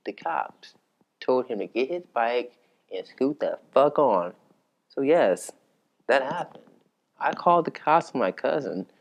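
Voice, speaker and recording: A man telling a story in a casual, conversational way, animated and profane. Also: medium pitch, lo-fi sound.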